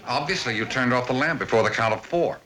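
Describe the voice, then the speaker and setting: A man's voice: medium pitch, quick pace, natural voice. A man voicing a Martian turned into an infant who keeps his haughty adult mind and speaks in a lofty, formal, condescending way. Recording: faint hiss of old TV soundtrack.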